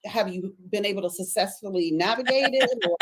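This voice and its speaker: A woman's voice: mid-range voice, brisk. A woman moderating a casual panel, asking questions in a playful, teasing way and backing up speakers with short replies.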